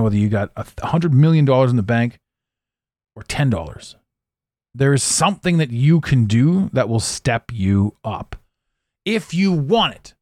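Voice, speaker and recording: A man's voice: medium pitch, dry recording, clean studio sound. A man hosting a podcast, talking bluntly in a casual motivational monologue and swearing freely. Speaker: podcast host and life coach.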